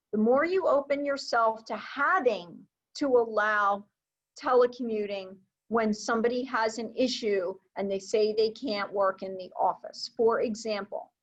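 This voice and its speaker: A woman presenting a recorded training webinar, explaining in a conversational way with frequent fillers. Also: fairly high pitch. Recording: dull, lo-fi webinar audio.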